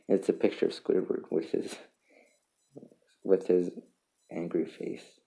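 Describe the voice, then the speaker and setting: A man hosting a casual solo podcast, reading memes aloud in a halting way with chuckles and restarts. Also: sits low, little pitch movement, vocal fry, mellow. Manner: halting, self-interrupting, chuckles between lines. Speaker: podcast host.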